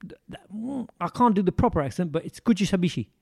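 High, lively man teasing in casual chat. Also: brisk, creaky, husky. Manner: playful, teasing, explains things. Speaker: podcast co-host.

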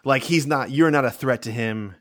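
A man's voice: mid-range voice, normal speed, dry recording. A man narrating a tabletop game as game master, wry, slipping into character voices.

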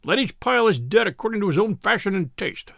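A man's voice: sits high, big pitch swings, fast, creaky, fairly bright tone, dry recording, studio quality, full character voice. A man voicing a proud king who speaks in archaic, defiant phrases in an old-fashioned storybook tale.

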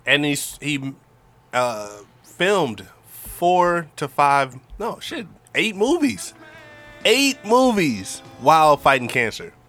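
A man's voice: fairly high pitch, very animated, takes it slowly, fairly bright tone, soft background music. A young man hosting a podcast, laid-back and conversational as he steers the chat. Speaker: podcast host. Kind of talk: casual chat.

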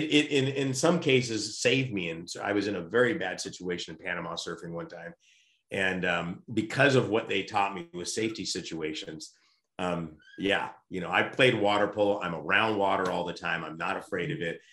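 A man telling a lively personal story in a casual chat, often restarting his sentences. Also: low-pitched, moderate pace. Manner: animated storyteller, frequent restarts. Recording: roomy echo.

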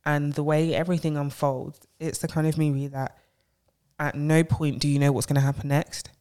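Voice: mid-range voice, little pitch movement, normal speed, darkish tone. A podcast co-host chatting casually and enthusiastically recommending a film. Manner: enthusiastic, fills in details for others. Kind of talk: casual chat, movie recommendation.

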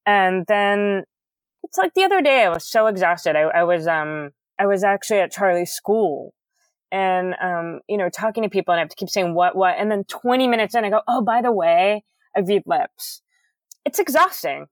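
A middle-aged woman guest in a casual interview, talking candidly with a loud, booming voice and careful enunciation. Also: lively intonation, normal speed, no echo.

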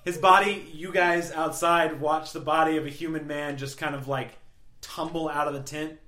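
A woman's voice: low voice, fairly even intonation, normal speed, fairly bright tone, reverberant. A woman game master calling for checks and narrating a tabletop game.

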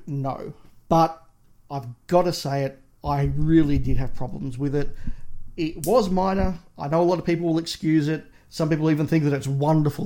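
A man's voice: on the high side, dark tone. A man co-hosting a podcast, reviewing in casual chat with a passionate, opinionated ranting manner. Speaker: podcast co-host.

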